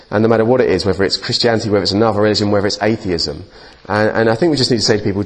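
A man giving a conversational sermon as a preacher, informal and often restarting his words. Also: mid-range voice. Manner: informal, restarts and repeats words, lively asides.

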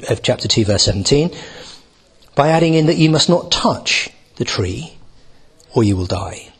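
A man's voice: on the high side, slightly rough. A man giving a Bible teaching talk, reading a passage and explaining it with many restarts and asides. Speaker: preacher.

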